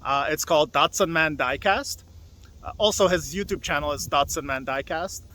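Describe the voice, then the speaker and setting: A young man, a Hot Wheels vlogger, rambles casually while vlogging alone in a forest, slightly out of breath from walking. His voice is a little high, bright and forceful at a moderate pace, and his loose, chatty talk is full of fillers and restarts.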